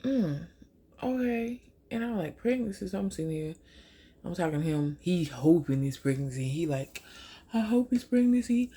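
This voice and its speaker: A young woman from Louisiana tells a story while doing her makeup. She jumps up into a high voice whenever she quotes people. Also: moderate pace, dark tone, husky. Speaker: vlogger.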